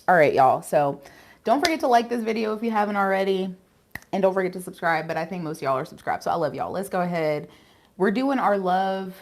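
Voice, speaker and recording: A woman doing a casual live tarot reading, chatty and candid, with casual swearing and quick giggles. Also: lowish voice, expressive. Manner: emotional and giggly. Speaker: tarot reader.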